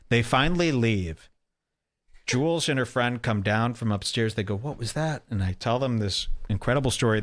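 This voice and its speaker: Bright, excitable male storyteller. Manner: excitable, profane, acts out quotes with big pitch jumps. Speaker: podcast host. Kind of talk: animated storytelling.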